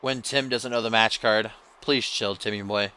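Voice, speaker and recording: Guy doing goofy play by play on a wrestling game, bright sharp voice, jokes around a lot. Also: lowish voice, steady tone, normal speed, clear, resonant tone. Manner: joking, rambling, playful asides. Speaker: commentator of a video game wrestling league. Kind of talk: play-by-play commentary over gameplay.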